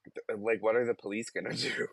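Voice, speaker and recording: A man's voice: on the low side, little pitch movement, a little fast, vocal fry, breathy edge, no room sound. Giggly man reading stories aloud. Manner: giggly, laughs mid-sentence while reading. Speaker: podcast co-host.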